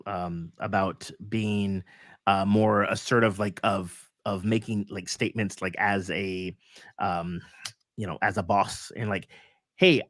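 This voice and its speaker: A man's voice: fairly low pitch, a bit bright, dry recording, clean studio sound. A man hosting a casual coaching chat, upbeat and rambling with fillers. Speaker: host.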